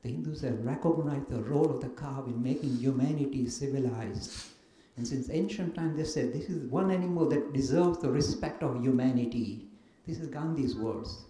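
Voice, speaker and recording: Animated man lecturing in an echoey room. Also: medium pitch, normal speed. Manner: animated storyteller, mimics others in dialogue. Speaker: invited speaker answering questions. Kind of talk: lively lecture with acted anecdotes. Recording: echoey room with faint noise.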